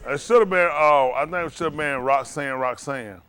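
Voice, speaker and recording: A man hosting a casual trivia game, joking with the teams and getting animated when he argues his point. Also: moderate pace. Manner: animated, jokey, rising to high exclaims. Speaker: quiz host.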